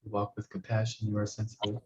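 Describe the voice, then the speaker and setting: A man teaching as a spiritual guide, talking listeners through a meditation in soft, slow, repeated phrases that often sink to a hush. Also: on the low side, completely flat delivery. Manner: soft-spoken, slow, repetitive guidance, often dropping to a hush. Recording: roomy, dull recording with faint noise.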